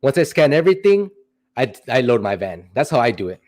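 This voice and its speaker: A man's voice: medium pitch, big pitch swings, fairly quick, darkish tone. A young man hosting a casual livestream, answering chat questions in a rambling, playful way with joking asides.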